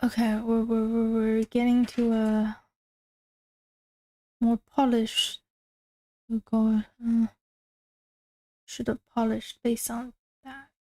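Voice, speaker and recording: A woman's voice: fairly high pitch, level tone, slow, long pauses, mellow, rough recording. A woman streamer chatting casually while drawing, rambling and self-deprecating, often trailing off mid-sentence. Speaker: art streamer.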